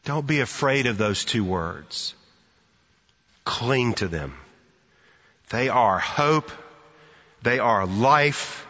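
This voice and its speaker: A man preaching a sermon, unhurried, with a bright, forceful tone. He tells stories and drops to a soft hush for emphasis. His voice comes through slightly muffled, with a long echo from a church hall. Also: mid-range voice, lively intonation, breathy edge. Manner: storytelling, slows and softens for emphasis.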